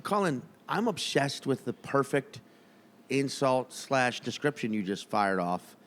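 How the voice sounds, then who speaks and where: Man, comedy podcast co-host, playful riffing, casual swearing, very lively pitch, mid pitch. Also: a little slow.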